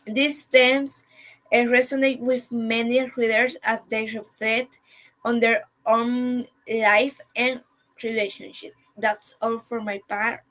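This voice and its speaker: A woman's voice: on the high side, a bit bright, poor audio. A woman, a student, reading a prepared reflection on a novel aloud to her class, with hesitations and small slips. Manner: reads a written text with hesitations and small slips. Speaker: student presenter.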